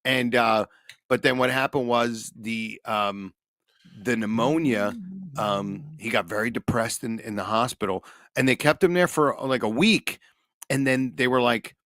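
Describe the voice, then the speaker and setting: A man co-hosting a podcast in casual chat, telling a story haltingly and searching for words. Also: mid-range voice, a bit bright, dry recording, clean studio sound. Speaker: podcast co-host.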